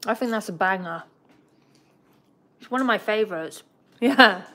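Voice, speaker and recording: A woman's voice: medium pitch, a little slow, sharp tone. A young woman hosting a casual livestream about her pet bird, chatting and giggling as she talks to the bird and the viewers. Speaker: pet bird channel host.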